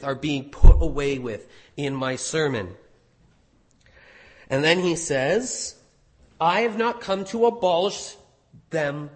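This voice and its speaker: A man's voice: fairly high pitch, a bit bright, husky. A man preaching an expository sermon, earnestly teaching a passage with emphatic rises. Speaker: pastor. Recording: reverberant hall.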